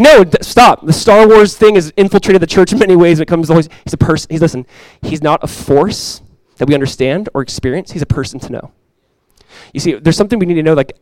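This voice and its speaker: A pastor in his thirties gives a relaxed, conversational sermon, dropping in quick asides. His voice is a little higher than most men's and sounds dry and close, with no room sound at all.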